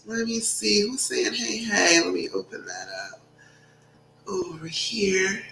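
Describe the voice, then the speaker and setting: Chatty woman coach, gravelly and bright. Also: medium pitch, sing-song, moderate pace, a little hiss or hum. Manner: chatty, greets viewers by name. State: voice recovering from a cold. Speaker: relationship coach hosting a livestream. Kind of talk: casual live-stream chat. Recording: roomy echo.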